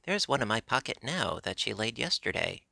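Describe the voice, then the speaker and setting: A man voicing a gentle, kindly scarecrow with a mild, friendly manner in a storybook reading. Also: fairly low pitch, sing-song, moderate pace, vocal fry, no echo, clean studio sound, full character voice. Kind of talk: audiobook character voice.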